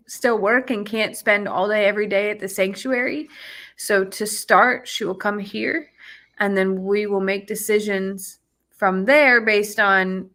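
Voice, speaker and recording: A woman chatting casually on a livestream, speaking in a hesitant, halting way with many fillers. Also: mid-range voice, vocal fry, fairly bright tone.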